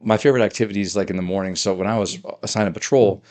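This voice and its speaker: Man, very low pitch, rapid speech, police officer guest, dry deadpan jokes, casual chat. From California. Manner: fast, dry deadpan humor.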